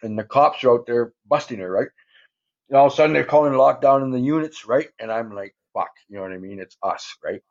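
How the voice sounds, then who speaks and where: A man's voice: medium pitch, brisk, highs cut off. A man telling a long story in casual chat, swearing constantly, using street slang and rambling through fillers.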